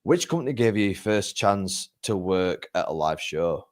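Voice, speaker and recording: Deep-voiced, friendly male interviewer. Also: animated, moderate pace. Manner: friendly, stumbling, filler-heavy. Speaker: podcast interviewer. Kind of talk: casual interview chat.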